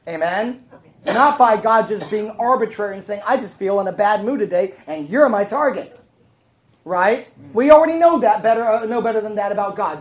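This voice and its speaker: A woman's voice: mid-range voice, a little mellow, low-quality recording. Woman preacher, sermon, chatty, keeps quizzing the room. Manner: conversational, asks the room questions. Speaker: Bible teacher.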